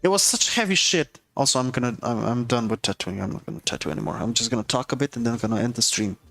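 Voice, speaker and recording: A man's voice: mid-range voice, quick pace, creaky, a bit bright, soft background music. A man telling a story on a livestream, heated and profane, rambling with restarts. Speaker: livestreamer and tattoo artist.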